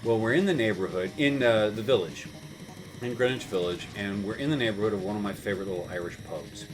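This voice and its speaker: A man's voice: lowish voice, fast talker, music in the background. A man in his thirties, host of a gaming show, telling a rambling story with chuckles while playing a video game. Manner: rambling, chuckling, with many fillers and restarts.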